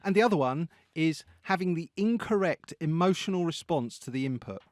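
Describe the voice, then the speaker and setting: A man chatting on a podcast, his voice sitting a little high and swinging all over the place as he talks. He laughs a lot and slips into acted-out bits of his own inner voice. The sound is close and dry, with no room around it. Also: fairly quick, no echo. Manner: animated, laughs often, acts out inner voices. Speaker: podcast co-host. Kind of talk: casual podcast chat.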